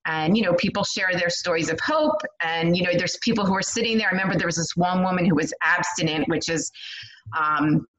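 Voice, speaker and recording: A middle-aged woman, a guest on a podcast, tells her story in a candid, animated way with lots of "um" and "like". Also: lowish voice, brisk. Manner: candid, animated, frequent fillers like "um" and "like". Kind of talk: conversational storytelling. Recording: dull lo-fi sound.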